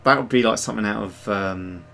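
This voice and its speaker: A man's voice: on the low side, fairly quick, creaky, a bit bright. A man hosting a casual livestream, chatting to viewers in a rambling way with many fillers and restarts. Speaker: livestream host and digital sculptor.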